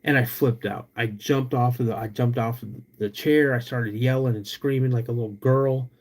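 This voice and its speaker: A young man, hosting a podcast and telling a story in an animated, drawn-out way with sudden loud bursts. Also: medium pitch. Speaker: podcast host.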